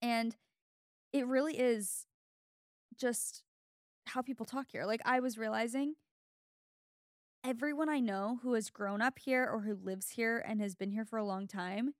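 A young woman with a Valley Girl accent, talking in a chatty, animated way with a light vocal fry. Her voice sits a bit high. The recording is close and dry. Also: unhurried, long pauses, dry recording. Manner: chatty, animated, lots of fillers. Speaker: podcast co-host. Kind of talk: casual chat.

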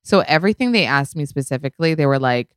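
Chatty low-voiced woman podcast host. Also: expressive, fast talker, clean tone, dry recording, studio quality. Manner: chatty, lots of "like" and "you know", swears casually. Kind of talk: casual solo podcast storytelling.

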